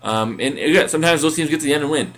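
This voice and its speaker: A man's voice: on the high side, racing, a bit bright. Guy chatting casually on a podcast, rambles a lot, full of ums. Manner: rambling, many fillers and restarts. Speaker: podcast co-host. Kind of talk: casual recap chat.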